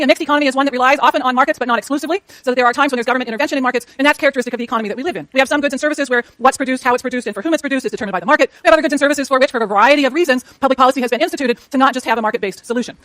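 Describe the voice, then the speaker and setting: A middle-aged woman gives a university economics lecture at a very quick clip, her voice sitting high. She talks to the class in a chatty way and keeps putting questions to the students. The sound is dry and close. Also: a bit bright, dry recording.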